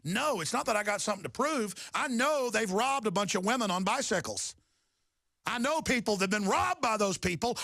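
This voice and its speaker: A middle-aged man rants on his talk radio show, his voice gravelly and forceful. He speaks a little high for a man and swells toward shouting as he pushes each point. The recording is dry and close. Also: fairly quick, no room sound. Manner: impassioned, rising to shouting then calming. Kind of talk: ranting talk radio monologue.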